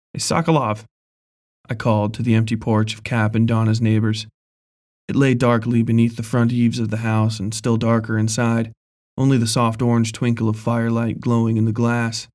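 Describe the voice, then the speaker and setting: A man reading a horror story aloud in a measured, even storytelling voice. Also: mid-range voice. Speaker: narrator. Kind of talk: scripted horror story narration.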